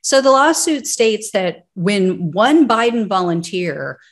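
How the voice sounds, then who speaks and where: A woman's voice: medium pitch, animated, slow pace. A woman commenting on political news, reading out court records and breaking into sarcastic, indignant asides.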